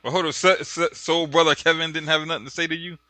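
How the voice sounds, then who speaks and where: A man's voice: fairly high pitch, steady tone, fast, pushed and bright, no room sound. A man hosting a radio call-in, cutting in with questions in a casual way. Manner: questioning, interjecting, laughing. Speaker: radio host.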